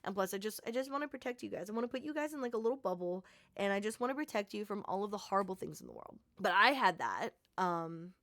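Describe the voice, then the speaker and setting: A woman's voice: mid-range voice, animated, fast talker, fairly bright tone, dry recording. A young woman content creator talking in a casual vlog, rambling and heartfelt, with many "like"s. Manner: rambling, heavy use of "like", heartfelt and gushing.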